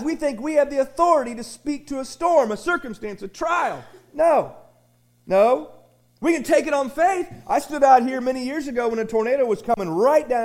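A man preaches a sermon as the pastor of a small church, his high-sitting voice folksy and rambling, full of restarts and shouted refrains.

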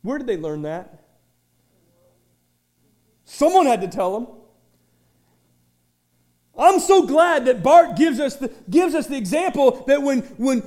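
Guy preaching in church, really high voice, goes from quiet to yelling. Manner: preaching with sudden shouted peaks and quiet asides. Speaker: pastor. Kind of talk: sermon.

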